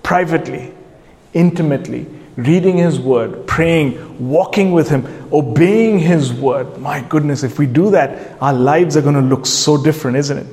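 A man's voice: a little high, moderate pace, a little mellow. A man preaching a sermon, earnestly putting questions straight to his listeners. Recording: long hall reverb.

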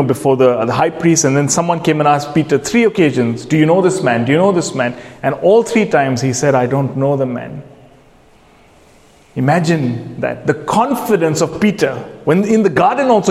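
A man's voice: fairly high pitch, darkish tone. A man preaching a sermon, earnestly putting questions straight to his listeners. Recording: long hall reverb.

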